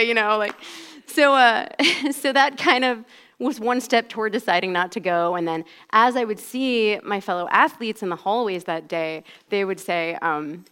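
A woman's voice: mid-range voice, normal speed, fairly bright tone, clear, resonant tone. A woman in her forties telling a personal faith story in a casual, conversational way, filling her speech with "like.". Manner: conversational, heavy use of "like". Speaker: speaker giving a personal testimony.

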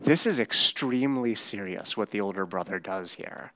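A man's voice: lowish voice, normal speed, a bit bright. A man preaching a sermon in a casual, conversational way. He is emphatic and often checks in with rhetorical questions.

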